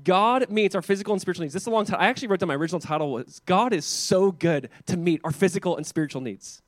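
A man preaching a sermon as pastor, animated and conversational, with chatty asides to the congregation. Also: high voice, rapid-fire, no room sound.

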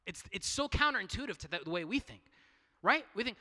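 A man's voice: high voice, expressive, fast, sharp tone, in a large hall. A man preaching a sermon in a conversational way, asking rhetorical questions and restarting his phrases. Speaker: pastor.

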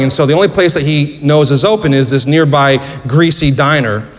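A man's voice: mid-range voice, fairly quick, hardly any pauses. A man preaching a sermon in a church, earnest storytelling with rhetorical questions. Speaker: pastor. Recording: echoey church hall.

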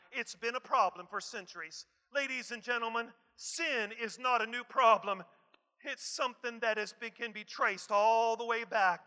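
A man preaching a sermon emphatically, repeating key phrases and swinging from soft asides to shouts. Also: very high voice. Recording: long hall reverb.

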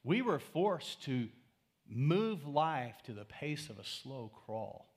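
A man's voice: mid-range voice, sing-song, takes it slowly, husky. A man, a pastor preaching a sermon in a church, talking in a conversational, storytelling way and putting questions to the congregation. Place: church sanctuary.

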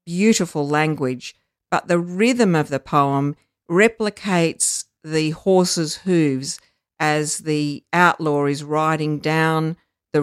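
An educator explains things in a measured, teacherly way, often pausing on um and uh. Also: mid-range voice, clean tone, dry recording, studio quality. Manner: measured, teacherly, frequent ums and uhs. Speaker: literacy educator. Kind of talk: explanatory podcast chat.

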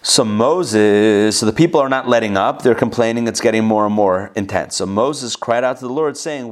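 A man's voice: lowish voice, normal speed, hardly any pauses. A man teaching a Bible passage, reading verses aloud and breaking in with casual explanations and asides. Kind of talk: reading scripture with commentary.

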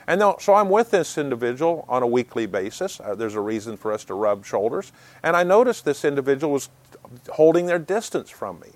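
A man's voice: medium pitch, sing-song, a little fast. A man speaking earnestly and plainly, giving advice on resolving conflict, with frequent small restarts. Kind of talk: unscripted advice talk.

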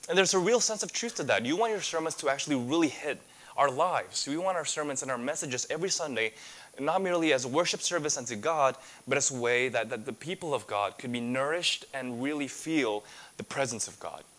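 A man's voice: medium pitch, lively intonation, a little fast, fairly bright tone. A man preaching a sermon as a pastor, earnest and full of rhetorical questions.

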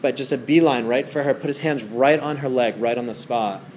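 A man's voice: medium pitch, fairly quick, a little mellow, a little hiss or hum. A man giving a casual talk as a meditation teacher to a small group in a wellness center, rambling through stories with many fillers.

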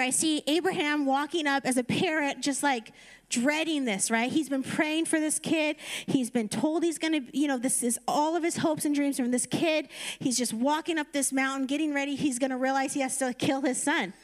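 A woman's voice: sits high, normal speed. A woman preaching a conversational sermon, retelling a story casually and then urging her listeners on. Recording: reverberant hall.

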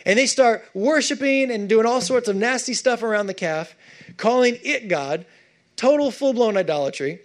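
A male pastor preaching a sermon, animated and conversational, with frequent asides to the congregation. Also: very high voice, normal speed.

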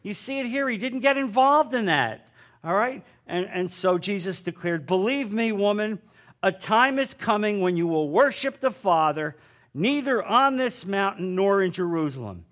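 A male preacher delivers a sermon in a fairly high voice. He speaks fervently and with emphasis, drawing out key phrases for effect. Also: animated, normal speed, a bit bright.

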